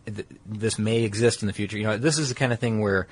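A man's voice: lowish voice, fast. A man explaining a technology in casual conversation, rambling and correcting himself with many fillers.

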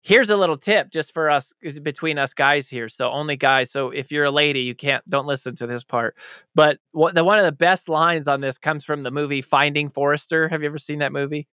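A man's voice: fairly high pitch, a little fast, sharp tone, smooth, no room sound, clean studio sound. A man speaking as an author being interviewed, talking in a passionate, emphatic way. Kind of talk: conversational interview answers.

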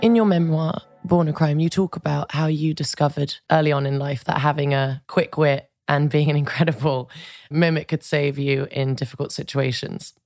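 A woman hosting an interview, thoughtful and soft-spoken as she reflects and asks questions. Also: low-pitched, fairly even intonation, moderate pace, no echo, soft background music. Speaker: podcast host. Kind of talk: interview conversation.

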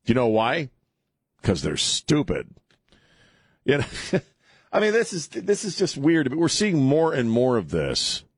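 This middle-aged radio talk show host speaks in a husky mid-range voice with huge pitch swings, at a measured pace with frequent pauses. Recorded dry and clean in a radio studio, his casual call-in monologue rambles and turns sarcastic as he restarts sentences.

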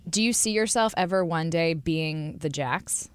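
Playful young woman host, low voice. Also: a little slow, smooth. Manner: playful, teasing, giggly questions. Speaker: podcast host. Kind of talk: casual interview chat.

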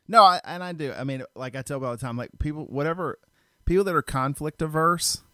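Blunt, animated man, dry sound. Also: on the high side, fast talker, no echo. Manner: animated, blunt, laughs often. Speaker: podcast guest. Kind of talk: casual chat.

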